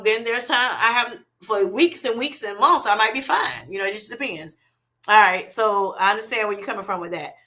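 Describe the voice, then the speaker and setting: A middle-aged woman runs a casual livestream, reading viewer comments and answering warmly and chattily. She calls viewers "honey" and "baby." Her fairly high voice sounds bright and forceful.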